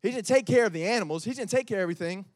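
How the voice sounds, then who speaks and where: A man's voice: high voice, lively intonation, very fast, no echo, clean studio sound. A young man preaching a casual, joking youth sermon. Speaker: youth pastor.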